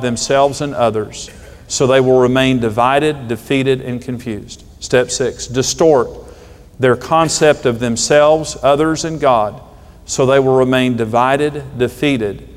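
Middle-aged male pastor, mid-pitched, preaching emphatically and telling stories, in a large echoing hall. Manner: emphatic preaching, storytelling with dramatic pauses. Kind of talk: sermon. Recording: long hall reverb.

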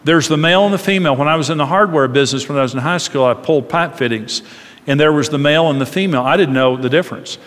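A middle-aged man with a fairly high voice speaks in a sermon-style marriage talk. He is animated and acts out little voices in his stories. The sound carries a long reverb from a large hall. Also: quick pace.

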